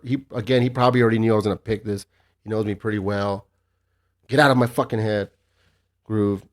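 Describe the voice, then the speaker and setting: A man in his thirties hosting a solo podcast, swearing freely and ranting in a cocky, casual way. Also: fairly low pitch. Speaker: podcast host.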